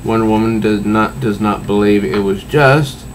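A man's voice: on the low side, fairly even intonation, moderate pace, a little hiss or hum, rough recording. A man casually reviewing a comic book, rambling with frequent restarts. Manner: rambling, many restarts, easygoing.

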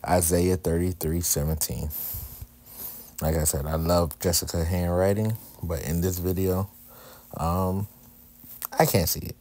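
A man's voice: deep voice, fairly even intonation, a little slow, a little mellow. A man narrating his wife's journaling craft video in a candid, joking, self-deprecating way. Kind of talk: casual voice-over narration.

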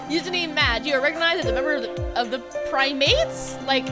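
High, lively woman streamer, prone to dramatic whining, music under her voice. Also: a little fast, hardly any pauses. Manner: excitable, dramatic outbursts and playful whining. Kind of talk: casual gaming livestream chat. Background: background music.

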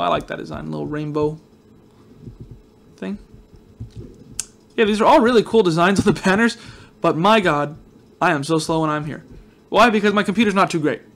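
A man's voice: on the high side, normal speed, creaky, long pauses. A man hosting a casual let's-play video, rambling and joking with viewers, his voice a little groggy from just waking up. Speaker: gaming video host.

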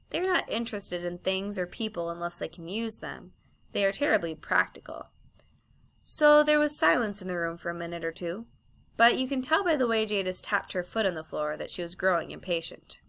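A woman reading a children's story aloud as a storybook narrator, in an even, clear storytelling manner. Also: mid-range voice, normal speed. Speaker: audiobook reader.

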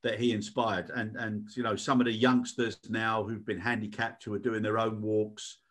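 A man's voice: lowish voice, little pitch movement, normal speed, fairly bright tone. A British man co-hosting a casual podcast chat, speaking earnestly and repeating words as he goes. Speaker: co-host.

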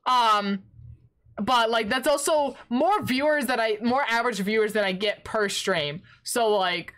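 A woman streamer chatting casually while drawing, excitable and prone to yelling in playful protest, her voice sore and raspy from long yelling. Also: a little high, moderate pace.

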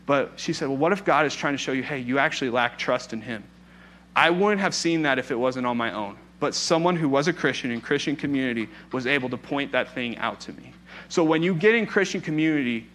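A man's voice: mid-range voice, fairly bright tone, a little hiss or hum. A young man preaching as a pastor, telling a personal story in a candid, conversational way. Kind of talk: informal sermon with personal story.

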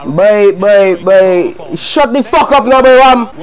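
A young man narrates his own football video game match in a loose, profane running commentary. His voice sits high and leaps all over the place, breaking into shouts whenever the play turns. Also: slow pace, rough recording. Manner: excitable, swears often and shouts at the players. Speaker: gaming video creator.

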